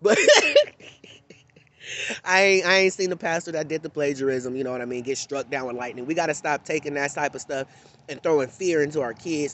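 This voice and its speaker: A man's voice: a little high, a bit bright. A man giving an unscripted, blunt and impassioned monologue to camera in a candid, conversational tone. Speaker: vlogger.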